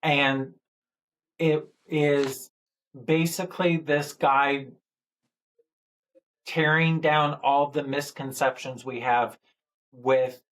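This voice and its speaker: A man's voice: fairly high pitch, a bit bright, low-quality recording. A man hosting a casual interview podcast, answering with brief backchannels and recommending a book. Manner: slow, easygoing, brief backchannels. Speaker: podcast host.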